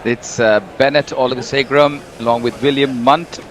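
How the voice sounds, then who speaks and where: A man's voice: mid-range voice, fairly even intonation, moderate pace. A man opening his cricket commentary stint with friendly greetings, then summing up the match so far. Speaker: commentator taking over the stream.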